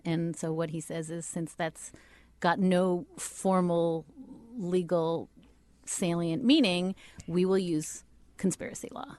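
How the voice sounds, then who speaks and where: A woman's voice: fairly low pitch, a little mellow. Articulate woman guest explaining legal points. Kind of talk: podcast interview.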